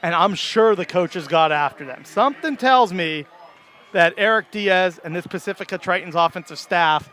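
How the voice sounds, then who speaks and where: A man doing color commentary at a high school football game, breaking down formations with enthusiasm and easy chuckles. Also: moderate pace, bright, forceful tone.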